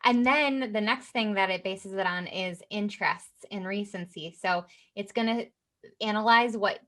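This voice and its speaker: A woman guest explaining her work in an interview, in a steady, patient way with frequent fillers. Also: mid-range voice, moderate pace. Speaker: guest, personal brand specialist.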